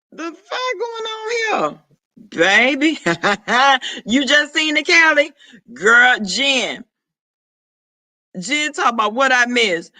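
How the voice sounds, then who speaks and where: A man with a high, swooping, bright voice runs a casual live-stream chat. He is sassy and profane, tossing quick asides to his viewers. He takes his time, and the sound is dry and close. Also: dry recording. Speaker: vlogger greeting live chat.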